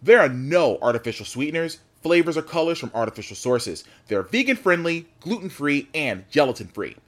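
A man hosting a podcast, reading a sponsor spot and asking a guest questions, spelling out details slowly. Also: on the high side, big pitch swings. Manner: deliberate, spelling things out slowly in the ad read. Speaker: podcast host. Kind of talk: casual interview talk and read sponsor spot.

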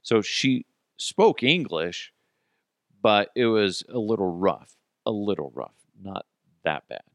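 A man hosting a podcast, telling customer service stories in a casual, animated way, swearing and laughing as he goes. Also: fairly low pitch, slow, no echo, clean studio sound. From Colorado, United States. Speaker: podcast host. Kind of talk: casual storytelling.

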